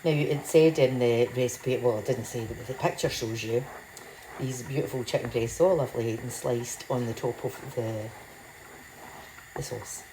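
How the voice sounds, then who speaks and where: A woman's voice: a bass voice, moderate pace, warm tone, a little hiss or hum. A woman chatting casually and rambling while she cooks at home, laughing at herself. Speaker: home cook. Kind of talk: casual cooking vlog. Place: home kitchen. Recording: echoey kitchen with clattering pans.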